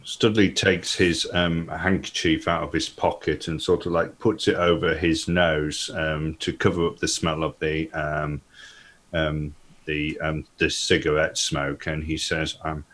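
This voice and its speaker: A man's voice: rumbling low, flat delivery, unhurried, a bit bright. A man playing a tabletop game, describing his moves hesitantly with many fillers. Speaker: player.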